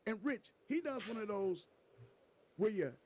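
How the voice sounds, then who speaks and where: A man co-hosting a podcast in casual comedic chat, an animated storyteller with loud bursts. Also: high voice, a little slow. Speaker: podcast co-host.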